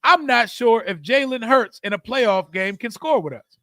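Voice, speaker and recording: Young male streamer, high voice, dry close mic, hyped live game reactions with loud outbursts and mumbled asides. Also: animated, normal speed, no echo. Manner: hyped, talkative, loud swings between shouting and mumbling. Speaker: streamer hosting a live watch party. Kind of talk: live sports reaction stream, reading chat.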